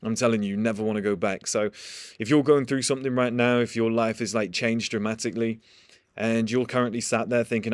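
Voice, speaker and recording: A man's voice: on the low side, steady tone, a little fast, dry recording, clean studio sound. A young man giving a blunt, profane motivational talk in a casual monologue. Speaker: motivational speaker.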